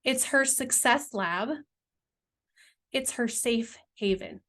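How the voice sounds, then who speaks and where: A woman's voice: on the high side, slow, fairly bright tone. A woman, earnestly describing her business dream in a heartfelt, rambling vlog, searching for words and near tears at times. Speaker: entrepreneur presenting her brand vision. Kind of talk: emotional, heartfelt vlog pitch.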